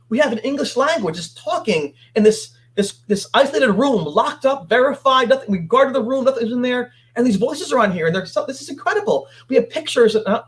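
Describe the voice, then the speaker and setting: High-voiced, animated male storyteller. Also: brisk, hardly any pauses. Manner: animated, acts out quoted voices. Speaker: guest. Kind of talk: storytelling interview.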